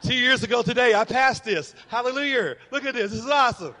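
A man's voice: very high voice, fast, bright, forceful tone, pitched above the performer's own voice. A man voicing a showy, boastful man proud of his kidney stone, in an echoey hall.

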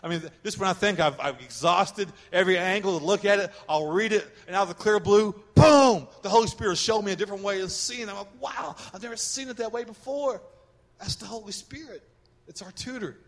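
A middle-aged man preaches with a high, bright voice, animated and acting out little scenes. His words ring out with a long reverb in a church hall. The delivery is casual and direct. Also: fast talker. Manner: animated, acts out quoted voices. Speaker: pastor. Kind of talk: sermon.

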